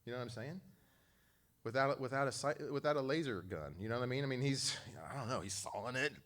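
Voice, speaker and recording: Moving at a quick pace, the pastor delivers an energetic sermon, acting out quotations with jumps in pitch and volume. His storytelling is animated and conversational, sprinkled with jokes for the congregation.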